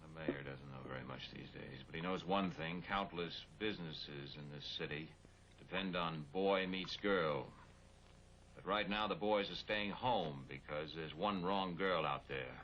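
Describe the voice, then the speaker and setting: An actor playing a weary, exasperated city police chief with a sardonic manner. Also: male voice, a bass voice, unhurried, a bit bright, full character voice. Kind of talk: 1960s TV drama acting. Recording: dull old TV soundtrack, hiss.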